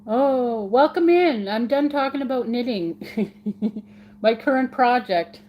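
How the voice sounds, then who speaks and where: A woman's voice: on the high side, animated, slow, dark tone. Giggly woman chatting on a live stream. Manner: giggly, playful, repeats words for fun. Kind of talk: casual live stream chat with viewers.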